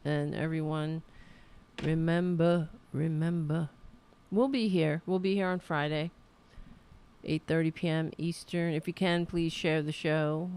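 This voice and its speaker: A woman's voice: sits low, steady tone, a little slow, darkish tone, clear, resonant tone. A woman hosting a casual livestream show at home, sardonic, profane and rambling. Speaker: show host.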